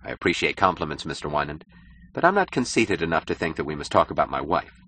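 A man's voice: extremely low pitch, sing-song, fast, sharp tone, slight background noise, exaggerated voice. A man voicing an ambitious young male architect who talks eagerly and stammers when flustered in an audiobook.

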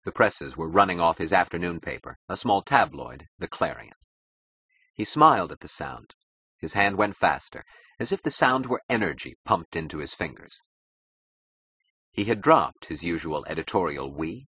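A man narrates a novel in a very deep, low voice with a husky, breathy edge. His reading is measured and dramatic, and the recording is close and dry. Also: lively intonation, sharp tone, no room sound, rough recording. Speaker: audiobook narrator. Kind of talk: scripted narration.

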